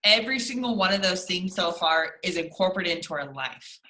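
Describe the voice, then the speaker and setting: A young woman with a bright, forceful voice talks to her sales team in casual motivational chat. She is animated and acts out little scenes as she goes. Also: lowish voice, brisk, roomy sound, poor audio. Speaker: co-host of a sales team call.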